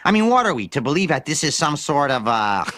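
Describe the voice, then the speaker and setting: A smug pedantic cartoon nerd. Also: male voice, fairly high pitch, very animated, fairly quick, a bit bright. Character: pedantic nerdy male cartoon fan, smug. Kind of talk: cartoon clip.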